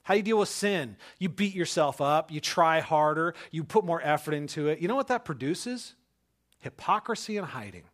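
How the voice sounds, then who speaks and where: Pastor in his thirties, male, slightly high voice, chatty storyteller who swings into fervent preaching. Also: animated, normal speed, fairly bright tone. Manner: conversational storyteller, building to emphatic preaching. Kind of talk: sermon with personal story.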